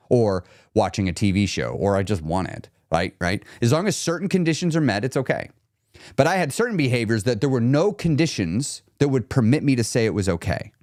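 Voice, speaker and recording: A man coaching a viewer bluntly, challenging her with rapid-fire questions and frank examples. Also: medium pitch, a little mellow, no echo, studio quality. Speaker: weight-loss coach. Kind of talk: direct coaching talk to a viewer.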